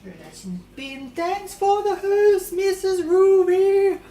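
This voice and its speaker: A woman's voice: medium pitch, expressive, measured pace, natural voice. Woman doing a posh english lady cook, vain and theatrical, darling this darling that, echoey kitchen. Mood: showy. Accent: English, put on. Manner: theatrical, calls people darling. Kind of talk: live-streamed comedy cooking show in character. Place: home kitchen.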